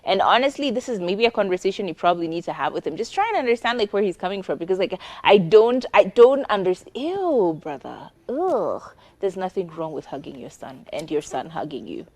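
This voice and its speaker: A young woman, co-hosting a casual advice chat, animated and expressive with disgusted exclamations. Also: lowish voice, fast talker, hardly any pauses. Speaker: talk show co-host.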